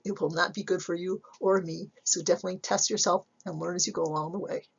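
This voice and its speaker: Gravelly-voiced woman lecturing. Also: fairly low pitch, fairly even intonation, highs cut off. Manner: measured, explanatory, asks rhetorical questions. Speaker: psychology instructor. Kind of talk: recorded slide lecture.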